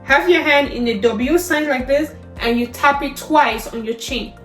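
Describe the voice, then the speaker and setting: A woman's voice: high-pitched, a little slow, fairly bright tone. A woman teaching sign language step by step, saying each word aloud and then explaining the hand motions. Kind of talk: step-by-step instruction. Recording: echoey room with faint music.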